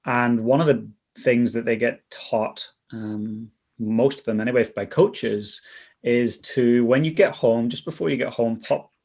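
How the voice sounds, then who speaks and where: A man's voice: medium pitch, measured pace, gravelly, darkish tone. A man hosting an interview, responding reflectively with frequent ums and uhs. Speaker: interview host. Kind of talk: casual interview talk.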